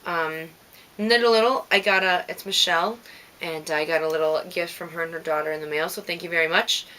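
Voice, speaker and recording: A woman's voice: lowish voice, fairly even intonation, fairly quick, bright, forceful tone. A woman with a light Minnesota accent, hosting a knitting podcast in casual, rambling chat and thanking listeners by name.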